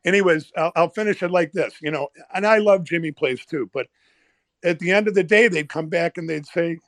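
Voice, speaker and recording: A man, a former pit trader, telling animated stories in casual chat and acting out the people in them. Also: on the high side, brisk, no echo. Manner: animated, swearing, acts out quoted people. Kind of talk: casual storytelling. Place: online audio room.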